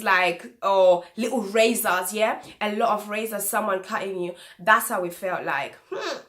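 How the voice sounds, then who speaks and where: Chatty woman telling a personal story. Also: on the high side. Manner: animated retelling, acts out quoted dialogue; chatty, loose sentences with fillers. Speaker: vlogger.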